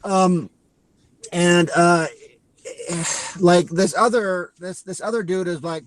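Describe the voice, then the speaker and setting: A man co-hosting a podcast, casually recapping a movie in a rambling way and acting out lines as he goes. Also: high-pitched. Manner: rambling, acts out lines with quick asides. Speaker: podcast co-host.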